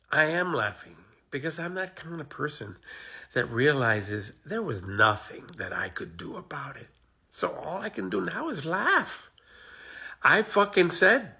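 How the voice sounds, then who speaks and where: A man's voice: a little high, creaky, bright, forceful tone, slightly rough. A man ranting to his phone camera, profane and exasperated, with bitter laughter running through his talk. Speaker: social media poster.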